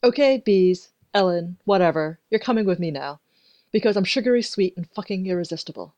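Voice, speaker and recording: A woman voicing a flustered young male beekeeper who talks in a hurried, pleading way. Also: on the low side, expressive, darkish tone, highs cut off, close to an everyday voice.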